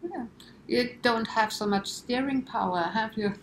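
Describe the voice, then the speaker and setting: A woman's voice: a little high, measured pace, reverberant, a little hiss or hum. A woman guest in a conversational interview, explaining her ideas in a reflective way with lots of imagery.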